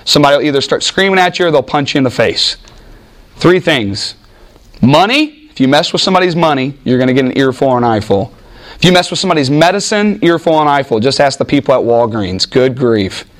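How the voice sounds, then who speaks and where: A man teaching a Bible class in an animated, informal way, restarting sentences often and acting out what people say. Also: mid-range voice, fairly quick. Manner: animated, with frequent restarts and acted-out quotes. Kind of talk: informal teaching talk with anecdotes.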